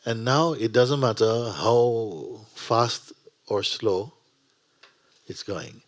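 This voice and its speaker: A man teaching a spiritual gathering in a gentle, unhurried way, often dropping to a whisper. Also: fairly low pitch. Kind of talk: sermon to a gathering. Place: satsang gathering.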